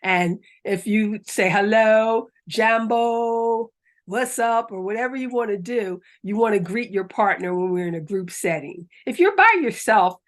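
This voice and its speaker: A middle-aged woman leading a laughter yoga class, coaxing and upbeat, breaking into hearty laughter. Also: medium pitch. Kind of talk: guided exercise class.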